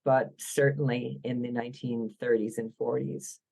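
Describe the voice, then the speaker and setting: A woman's voice: very deep voice, steady tone, moderate pace, vocal fry, dark tone, low-quality recording. Wry woman with a Philadelphia accent. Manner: opinionated, wry, enthusiastic. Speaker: guest author. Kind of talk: podcast interview.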